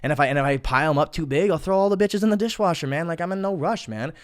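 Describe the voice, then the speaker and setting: Fast rambling young man. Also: a little high, dry recording, clean studio sound. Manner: rambling, swearing, repeats words and restarts. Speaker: podcast host. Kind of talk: casual solo podcast monologue. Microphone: studio mic.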